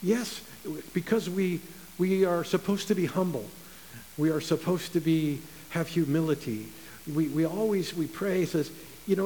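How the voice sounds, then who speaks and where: A man's voice: fairly high pitch, a little slow, mellow. A man preaching a sermon in a conversational, emphatic way, often repeating his phrases. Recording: long reverb with faint hiss.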